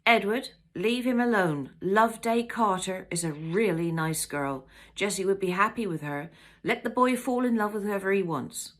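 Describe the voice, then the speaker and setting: A woman's voice: high-pitched, very animated, fast, hardly any pauses, breathy edge, voice pushed up, full character voice. A woman voicing a harried middle-aged fisherman's wife who speaks sharply and indignantly, in a storybook reading. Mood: firm.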